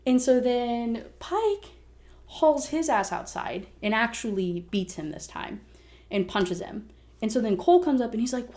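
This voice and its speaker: A young woman casually recapping a novel's plot, swearing freely and acting out the characters' lines as she goes. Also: mid-range voice. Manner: animated retelling with quick quoted dialogue; frequent "like" and profanity. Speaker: book reviewer. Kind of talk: casual spoiler recap rant.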